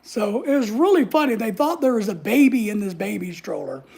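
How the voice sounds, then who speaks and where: A female vlogger tells a story in a casual vlog, sassy and blunt, swearing freely and acting out other people's lines. Her mid-range voice is animated and fairly quick, creaky and husky with a slightly mellow quality.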